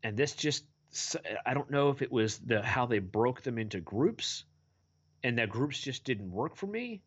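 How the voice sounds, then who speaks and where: A man's voice: mid-range voice, expressive, normal speed, breathy edge, highs cut off. A man co-hosting a casual podcast, talking bluntly and with exasperation about movies. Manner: blunt, exasperated, swears a lot. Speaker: podcast co-host. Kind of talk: casual movie review chat.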